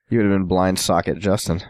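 A man in a casual chat who quickly cuts in with questions. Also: sits low, fairly even intonation, darkish tone, no echo, clean studio sound.

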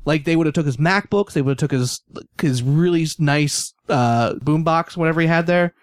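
A man's voice: a little high, a little fast, clear, resonant tone, no room sound, clean studio sound. A man co-hosting a podcast, recalling events in a rambling, casual way and searching for words. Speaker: podcast co-host. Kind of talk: casual storytelling chat.

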